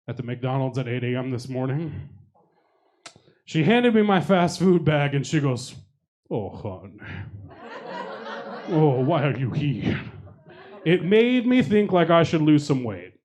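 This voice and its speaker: Young male stand-up comic, handheld stage mic, slightly raised pitch, escalating mock-outraged rants. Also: a little mellow. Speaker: stand-up comedian. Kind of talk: stand-up comedy set. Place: comedy club stage.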